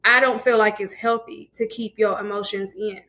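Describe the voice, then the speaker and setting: A woman's voice: mid-range voice, fairly even intonation, normal speed, sharp tone. A woman on a casual podcast speaking in an earnest, reflective way. She talks steadily as she offers advice. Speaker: podcast co-host. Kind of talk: casual chat.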